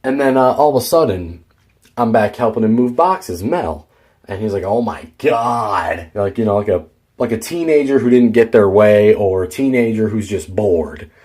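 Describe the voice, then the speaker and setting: A man's voice: lowish voice, expressive, moderate pace, darkish tone. A teenage boy vlogging, telling a rambling, worked-up story about quitting his job. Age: teens. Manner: rambling, fired-up retelling of a workplace feud. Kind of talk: casual storytelling vlog.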